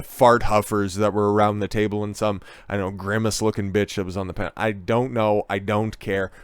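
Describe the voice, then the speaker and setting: Man, online commentary host, ranting, sarcastic, profane, smooth voice, dry close mic. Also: lowish voice, no echo.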